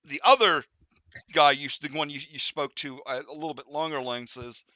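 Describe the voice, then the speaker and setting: A man's voice: a little high, brisk, pushed and bright, no echo. A man narrating as game master of a tabletop game, rambling with fillers and restarts as he describes the scene. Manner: rambling, full of fillers and restarts, voices the figures lightly.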